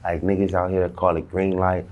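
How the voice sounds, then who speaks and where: Low-voiced man telling a street story. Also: completely flat delivery, moderate pace, highs cut off, crowd noise. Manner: slang-heavy, acts out dialogue. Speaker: interview guest. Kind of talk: casual storytelling.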